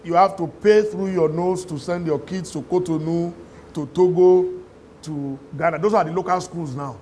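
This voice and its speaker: A man's voice: on the high side, normal speed, slight background noise. A middle-aged Nigerian man with a Nigerian accent, a talk show guest telling stories with frequent laughter. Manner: laughs through his stories, animated. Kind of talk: storytelling conversation.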